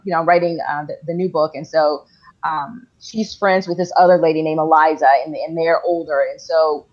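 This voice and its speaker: Halting low-voiced woman author on a lo-fi line. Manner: halting, full of "you know" and "um" fillers. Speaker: guest author. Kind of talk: casual interview talk. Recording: dull lo-fi sound.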